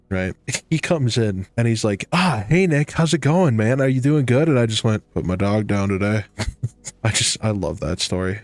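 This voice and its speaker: A young man with a low voice chats through his gameplay, wandering from one story to the next. He talks in a loose, self-mocking way and often breaks into laughter. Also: dry recording. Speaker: gaming YouTuber. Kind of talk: casual commentary while playing.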